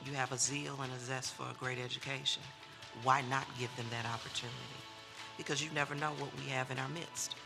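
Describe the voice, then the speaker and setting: Gravelly, flat-delivery man, parent, music behind. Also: mid-range voice, a little fast. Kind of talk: interview.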